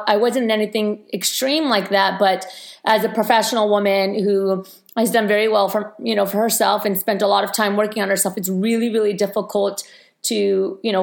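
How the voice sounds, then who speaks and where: A woman's voice: medium pitch, creaky. A woman interviewing a guest, asking long conversational questions with many fillers.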